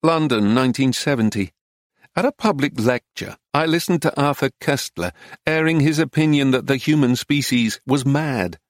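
A man reads a memoir aloud in a measured, even storytelling voice. His pitch sits in the middle for a man. The recording is dry and close, with no room around it. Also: no room sound. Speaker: narrator. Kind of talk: audiobook narration of a memoir.

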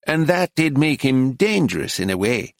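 A man's voice: mid-range voice, big pitch swings, creaky, no room sound, clean studio sound. A man voicing a stern old Irish monk. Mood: measured. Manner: measured, sighing, exasperated. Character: elderly Irish monk priest, stern, devout.

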